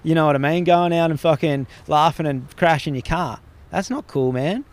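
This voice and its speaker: Australian man, pitched a touch high. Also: normal speed. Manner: rambling, heavy swearing, tells stories. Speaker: podcast guest. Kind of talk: casual podcast conversation.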